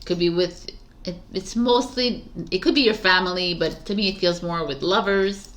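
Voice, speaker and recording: A woman's voice: lowish voice, moderate pace, a bit bright. A woman reading tarot cards for the viewer, musing and affirming, with giggly, rambling, self-mocking asides. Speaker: tarot reader. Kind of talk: tarot card reading to camera.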